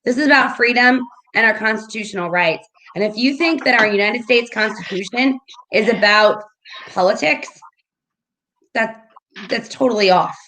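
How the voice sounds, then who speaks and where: A woman co-hosting a livestreamed morning show, with a mid-pitched voice. She lectures emphatically and often stops to check that listeners are following. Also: fairly bright tone, poor audio. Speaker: co-host of an online morning show. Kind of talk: impassioned livestream talk.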